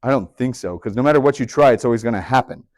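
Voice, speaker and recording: A man's voice: mid-range voice, fast talker, a little mellow, no room sound. Chatty male math teacher, dry sound. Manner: chatty, upbeat, joking asides to students. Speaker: high school math teacher. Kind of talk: classroom lecture. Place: classroom.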